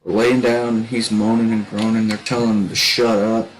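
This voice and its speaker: A man telling a long story in casual chat. He rambles and restarts a lot, and shouts when he quotes other people. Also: lowish voice, flat delivery, normal speed, a little hiss or hum, poor audio. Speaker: gaming streamer telling a story.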